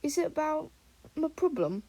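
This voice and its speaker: A woman voicing a shy teenage boy wizard, quiet and hesitant. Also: high-pitched, very animated, normal speed, pitched above the performer's own voice.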